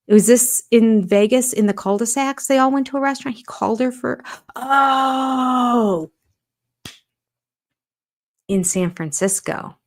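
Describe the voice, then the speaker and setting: A woman's voice: on the high side, brisk, hardly any pauses, dark tone. An older woman hosting a casual livestream, chatting and reacting aloud as she reads viewer comments and a list of supporters' names. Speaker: channel host.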